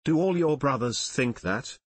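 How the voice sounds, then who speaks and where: A man voicing a stern elder male council leader in an audiobook, speaking in a cold, scornful, measured way with a husky voice. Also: medium pitch, lively intonation. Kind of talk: audiobook character reading.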